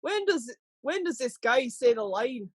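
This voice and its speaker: A giggly woman chats as a podcast guest, quick to laugh at herself. Her voice is high and lively, breathy, and close and dry. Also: no room sound. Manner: giggly, self-deprecating. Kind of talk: casual chat.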